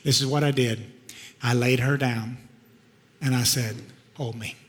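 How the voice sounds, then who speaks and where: A middle-aged man, a pastor, telling a personal story in a sermon, swinging from loud outbursts to hushed tones. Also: medium pitch, fairly even intonation, a little slow. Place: church sanctuary. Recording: long reverb of a large hall.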